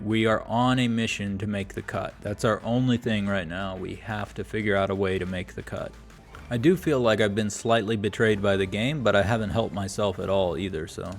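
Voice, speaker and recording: A man's voice: lowish voice, gravelly. A man giving exasperated, self-deprecating play-by-play commentary while playing a golf video game. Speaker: gaming YouTuber.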